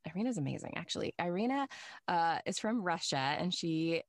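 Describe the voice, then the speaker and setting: Chatty woman with a low, dry voice. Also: fairly quick, dry recording. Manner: chatty, laughs often, animated anecdotes. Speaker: guest voice actor. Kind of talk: casual interview chat.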